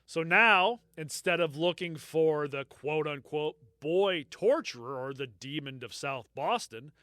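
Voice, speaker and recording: Male podcast co-host, casual storyteller, slightly high, dry close sound. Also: pushed and bright, no echo. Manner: storytelling, swears freely, laughs often. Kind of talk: casual true-crime podcast chat.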